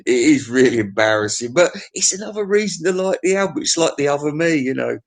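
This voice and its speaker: A man's voice: fairly high pitch, lively intonation, fast. A man giving a rambling, crude comic monologue, swearing freely and chuckling as he reviews albums.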